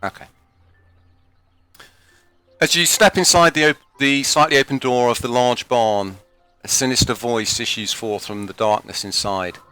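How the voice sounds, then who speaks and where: A man narrates a tabletop game as game master, pausing on fillers as he sets scenes. His voice is bright and smooth. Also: mid-range voice, fairly even intonation, faint music behind.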